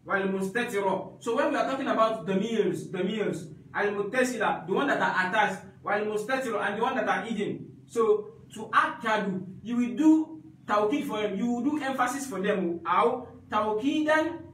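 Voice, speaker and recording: A man's voice: high-pitched, moderate pace, fairly bright tone, heavy reverb, distant mic, poor audio. A man teaching an Arabic grammar class, repeating each point and checking that students follow.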